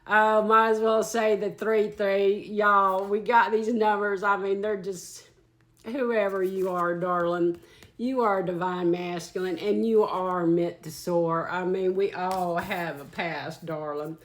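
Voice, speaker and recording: A woman's voice: medium pitch, steady tone, takes it slowly. A woman giving a casual channeled tarot reading, chatty and earthy, swearing freely and calling listeners y'all and darling. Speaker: tarot reader.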